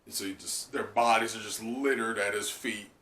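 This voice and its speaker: A man hosting a casual live reaction, excitable and laughing often, with plenty of fillers and swearing. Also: lowish voice, moderate pace. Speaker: channel host. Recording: echoey room, mic at a distance.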